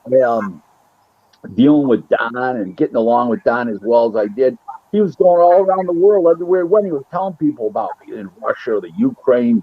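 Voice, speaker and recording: Animated storytelling man, dull lo-fi sound. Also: medium pitch, no echo. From Buffalo, New York. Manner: animated storyteller who acts out quoted dialogue. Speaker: boxing matchmaker and booking agent. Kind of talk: casual interview storytelling.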